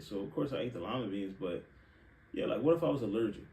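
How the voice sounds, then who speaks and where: Young guy on his podcast, cussing and telling it straight, lowish mellow voice. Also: fast talker. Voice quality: frank, profane, animated storytelling. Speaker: podcast host. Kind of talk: candid personal monologue. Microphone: live stream setup. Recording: echoey room, distant mic, faint hiss.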